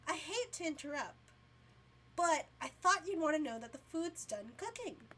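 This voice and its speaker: A woman voicing a friendly young man hosting breakfast in a game, in her own high voice with a relaxed, slow read.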